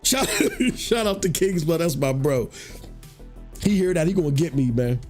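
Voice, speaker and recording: A podcast host with a slightly high voice tells stories at a normal pace on a casual gaming show, faint music behind him. His talk is animated, slangy and freely profane, and he acts out quotes in a raised voice.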